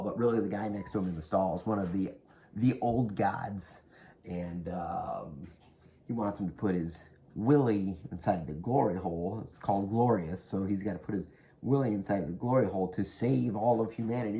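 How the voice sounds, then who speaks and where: A deep, gravelly-voiced man rambles through horror picks in a loose, profane half-whisper, right up on the mic. A faint hiss of noise sits under his voice. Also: warm tone. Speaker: horror movie reviewer. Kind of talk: casual rambling recommendations. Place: indoors at home. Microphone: close to the mic.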